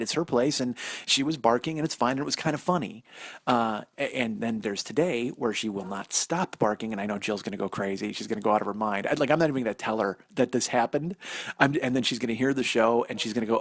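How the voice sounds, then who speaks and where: A man's voice: mid-range voice, quick pace, slightly rough, no echo. Man, forties, solo comedy podcast, rambling, profane, self-mocking, dry close sound. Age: 40s. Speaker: podcast host. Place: indoors in a house. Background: dog barking.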